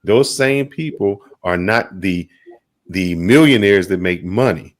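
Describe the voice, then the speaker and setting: A man in a live-stream discussion, calmly laying out his argument. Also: deep voice, slow.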